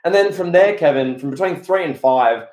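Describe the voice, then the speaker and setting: Excitable man in an echoey room. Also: on the high side, moderate pace. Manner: animated, excitable storytelling with restarts. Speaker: podcast co-host. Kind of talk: casual podcast chat.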